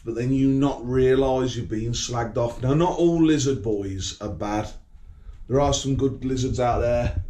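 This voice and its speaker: A man's voice: medium pitch, a little mellow. A British man ranting to camera in a rambling vlog, swaggering and combative, swearing heavily. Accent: British English. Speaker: vlogger. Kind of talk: rambling profane vlog monologue.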